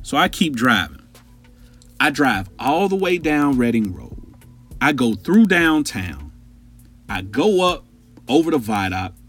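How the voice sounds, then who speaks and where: A man with a husky, slightly breathy voice that swings widely up and down as he tells a story. He is animated and profane and speaks straight to his listeners as a podcast host. Faint music plays behind him. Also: mid-range voice, slow pace, long pauses.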